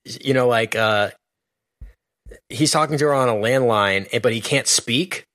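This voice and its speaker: A man's voice: medium pitch, unhurried, fairly bright tone, no room sound, clean studio sound. A man co-hosting a casual movie review chat, joking and rambling with many restarts. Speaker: podcast co-host.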